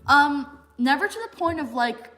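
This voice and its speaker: Soft music plays under a high-pitched, bright, forceful voice belonging to a fitness livestream host, an American woman in her twenties. At a moderate pace she chats casually and answers viewer questions, laughing frequently and using lots of fillers and "like."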